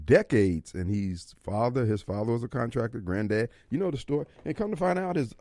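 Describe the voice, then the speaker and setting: A man's voice: mid-range voice, lively intonation, brisk, mellow, dry recording. A man hosting a talk radio show from a studio, folksy and theatrical in his opinionated monologue. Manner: theatrical, folksy, slips into voices and asides.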